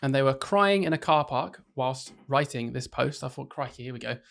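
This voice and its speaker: A man's voice: mid-range voice, animated, normal speed, creaky, a bit bright. A young man hosting a casual podcast, joking and teasing his co-host.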